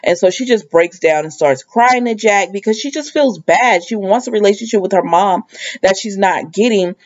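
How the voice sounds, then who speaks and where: A woman's voice: mid-range voice, moderate pace. Chatty woman recapping a soap, lo-fi. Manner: chatty storyteller, acts out quoted lines. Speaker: soap opera recap vlogger. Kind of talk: casual episode recap.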